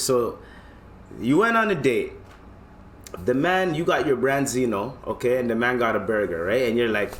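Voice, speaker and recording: A man's voice: mid-range voice, lively intonation, moderate pace, fairly bright tone, a little hiss or hum. A man hosting a podcast in loose, slangy casual chat, often checking in with listeners. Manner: loose, slangy, keeps asking "you know what I mean". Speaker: podcast host.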